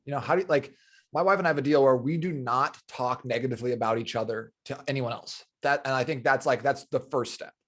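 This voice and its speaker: A man's voice: mid-range voice, quick pace, a bit bright. A man hosting a podcast interview, speaking earnestly and stressing points by repeating phrases. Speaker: podcast host.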